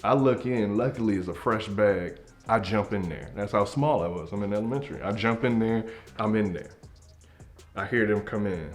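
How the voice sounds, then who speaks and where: A young man with a fairly low voice tells a comedic story from his childhood. He acts out each moment and drops to hushed tones at the tense parts. Soft music plays faintly behind him. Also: moderate pace. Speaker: comedy group member.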